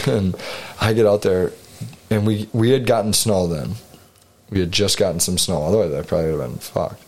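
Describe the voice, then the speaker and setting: Man, very low voice, casual podcast chat, rambling hunting tale, swears often. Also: moderate pace. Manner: rambling storytelling, frequent swearing and laughs. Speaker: podcast co-host.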